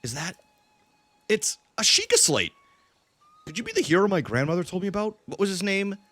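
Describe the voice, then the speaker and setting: A man's voice: sits high, sing-song, a little fast, a bit bright, no echo, voice pushed up, exaggerated voice. Man reading as a shy stammering young woman. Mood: flustered. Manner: stumbling, read plainly off the screen.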